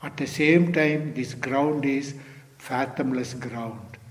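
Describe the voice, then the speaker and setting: An older man giving an unhurried Zen dharma talk, often saying "you see". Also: medium pitch, long reverb tail. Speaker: Zen teacher.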